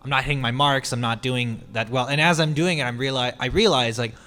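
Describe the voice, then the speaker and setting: A man speaks easily and a little haltingly on a convention panel, his voice mid-pitched. Long hall reverb follows his words. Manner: relaxed, hesitant with fillers. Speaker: voice actor panelist.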